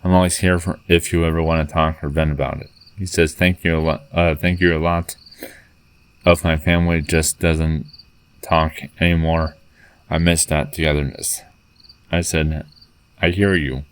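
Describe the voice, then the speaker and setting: A man with a very low voice tells a long story to camera in a casual vlog. His delivery is earnest and rambling, with a flat tone that barely rises or falls, and he stops and restarts often as he retells it. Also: moderate pace, smooth. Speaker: vlogger. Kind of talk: casual spoken retelling of a text chat.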